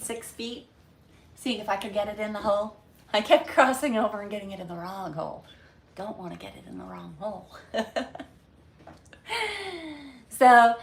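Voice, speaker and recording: A woman hosting a casual livestream from home, rambling through her weekly recap with lots of ums and pauses. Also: medium pitch. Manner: rambling, chatty, many ums. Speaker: livestream host. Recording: echoey room.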